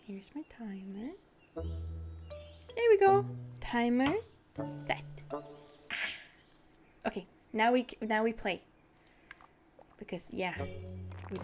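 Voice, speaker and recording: Bubbly young woman streamer narrating her game, giggly and chatty, music playing behind. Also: on the high side. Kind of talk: casual gameplay chat. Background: background music.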